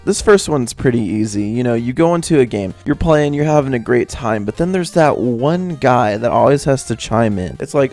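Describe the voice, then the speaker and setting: A young man with a gravelly, creaky voice rants bluntly and with plenty of swearing, sounding fed up. Soft music sits faintly behind him in this commentary video. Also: medium pitch, lively intonation, moderate pace, hardly any pauses. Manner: blunt, profane, exasperated. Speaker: gaming video creator.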